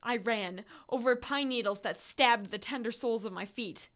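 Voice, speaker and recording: Bright-voiced woman reading a thriller. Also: on the high side, normal speed. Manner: intense, building to breathless urgency in action. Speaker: audiobook narrator. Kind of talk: dramatic first-person audiobook reading.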